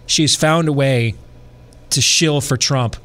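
A man's voice: medium pitch, takes it slowly, fairly bright tone. A middle-aged man talks through politics on his show in a loose, rambling way. He hedges with fillers and restarts his sentences as he goes. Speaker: talk show host. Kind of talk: casual political talk radio.

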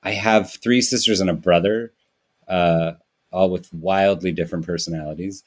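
A man's voice: low voice, steady tone, normal speed. A man, a comedian guest on a podcast, talking in a casual, wry, self-mocking way and slipping into silly character voices.

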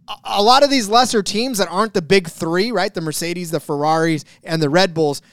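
This podcast co-host chats casually about sports betting, rambling, joking and often restarting or correcting his sentences. His voice sits high with a fairly bright, smooth tone, captured in a dry, studio-quality recording.

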